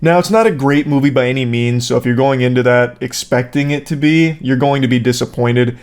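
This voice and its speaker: A man's voice: medium pitch, fairly quick, clear, resonant tone. A man in his thirties giving a casual, sarcastic movie review rant with lots of profanity, acting out the characters as he retells the plot. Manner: sarcastic, profane, acts out characters mid-story. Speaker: commentator.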